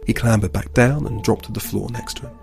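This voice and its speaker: A man reading a story aloud in a calm, steady storybook narration. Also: lowish voice, a little fast, gravelly, soft background music.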